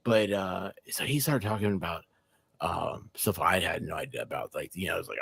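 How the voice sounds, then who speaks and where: Man, rambling anecdotes, swooping animated pitch, laughs mid-sentence, dry close sound. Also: moderate pace, husky, no room sound. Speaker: livestream co-host. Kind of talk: casual storytelling chat.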